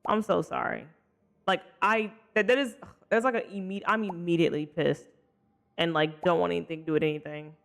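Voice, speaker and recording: A game streamer casually chatting with live viewers while playing, expressive and apologetic, swinging between loud exclamations and soft mutters. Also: medium pitch, a little fast, vocal fry. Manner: chatty and sympathetic, reacting to chat with frequent apologies.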